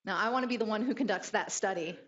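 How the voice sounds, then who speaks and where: A woman's voice: mid-range voice, quick pace, muffled recording. A woman giving a motivational leadership talk, telling stories and acting out the people in them. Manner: animated storyteller acting out quotes. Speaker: keynote speaker.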